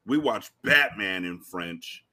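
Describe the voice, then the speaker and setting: This podcast co-host has a fairly low voice and speaks slowly. He chats casually and tells stories in an animated way, swearing a lot.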